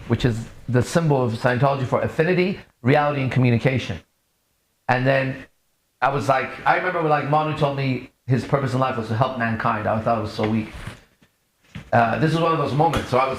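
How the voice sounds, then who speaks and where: A man coaching a class, telling a long story in casual, profane speech and acting out the people he quotes. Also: mid-range voice. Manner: profane, animated, acts out quoted dialogue. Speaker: dating coach leading a class. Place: room with a small group present.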